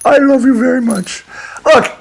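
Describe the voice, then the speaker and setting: A man's voice: very high-pitched, steady tone, normal speed, vocal fry. A man delivering an angry, profane, unscripted rant to his audience, breaking into laughter between points. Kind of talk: unscripted ranting monologue.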